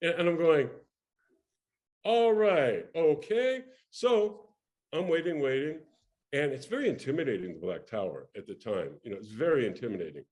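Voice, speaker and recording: In a casual interview, an older man spins an energetic story from his career, imitating the people he quotes and repeatedly restarting his lines. He talks a little fast at a medium pitch.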